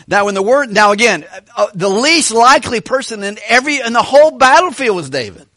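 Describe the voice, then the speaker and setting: Animated, higher-voiced male preacher. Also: fairly quick, no room sound, clean studio sound. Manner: animated, asks questions of the congregation. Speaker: pastor. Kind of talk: sermon. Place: church hall with a kitchen.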